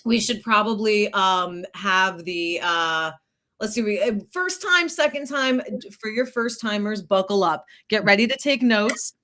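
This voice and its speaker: Bright, bubbly woman co-host. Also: mid-range voice, unhurried. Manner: bubbly, excitable, swears. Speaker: co-host, career coach. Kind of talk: casual live chat.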